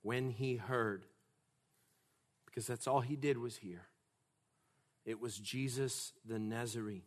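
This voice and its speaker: A man preaching a sermon emphatically, rising to loud, forceful passages. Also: medium pitch, slow.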